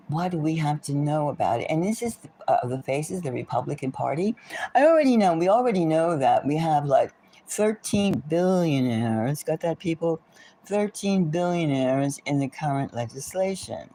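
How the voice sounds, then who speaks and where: Woman, tarot channel host, rambling rant, indignant, emphatic rhetorical questions, very animated pitch. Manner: rambling with frequent restarts and asides. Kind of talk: rambling political commentary to camera.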